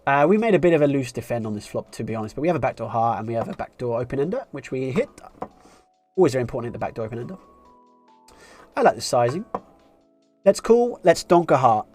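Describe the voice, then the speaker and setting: A man's voice: mid-range voice, very animated, quick pace, long pauses, a little mellow, soft background music. A man streaming live poker, musing through his decisions and thinking aloud with wry asides.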